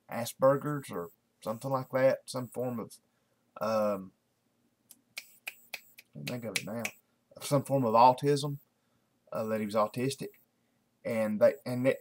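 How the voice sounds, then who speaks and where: A man, talking to camera in a casual, rambling daily video blog, full of fillers and restarts. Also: medium pitch. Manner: folksy, repetitive, many fillers and restarts.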